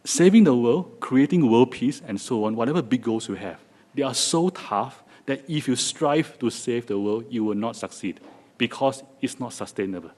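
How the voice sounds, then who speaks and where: A man's voice: medium pitch, lively intonation, normal speed, darkish tone. A man with a Singaporean accent giving a joking, chatty talk to a live audience in a lecture hall, with many restarts. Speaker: guest speaker.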